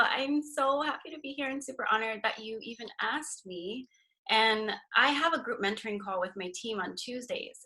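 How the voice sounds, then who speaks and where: A woman's voice: on the high side, bright, forceful tone, poor audio. A young woman from Hawaii speaking as a guest on a team video call, nervous and close to tears as she talks. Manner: nervous, emotional, near tears. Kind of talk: casual team call talk.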